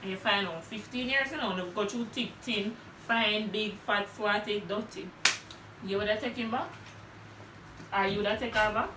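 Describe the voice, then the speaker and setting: A woman's voice: medium pitch, normal speed. A young woman with a Jamaican accent hosting a casual chat, giving blunt opinions in Patois. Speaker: host. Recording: roomy, distant mic, faint noise.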